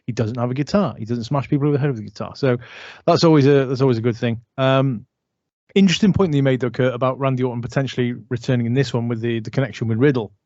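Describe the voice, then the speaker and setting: A man with a mid-pitched voice chats about wrestling, full of ums and restarts. His voice sounds dry and close, with no room around it. The recording is dull and lo-fi. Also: racing, a little mellow, no echo. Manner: chatty, filler-heavy. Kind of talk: casual wrestling prediction chat.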